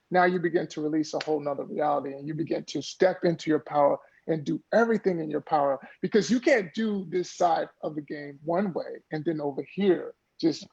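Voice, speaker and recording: A man's voice: on the high side, creaky, darkish tone, slightly rough, dull audio. A man speaking as a podcast guest, an earnest mindfulness coach who talks in a motivational way and often repeats words as he builds a point. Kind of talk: conversational interview.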